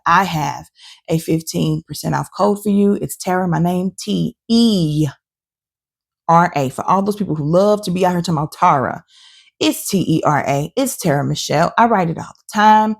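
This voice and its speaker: A woman with a low, gravelly voice talks through her perfume collection in a casual, opinionated way. Her tone is dark and mellow, and her delivery is chatty and animated. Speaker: fragrance reviewer and channel host. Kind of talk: casual talking-head review.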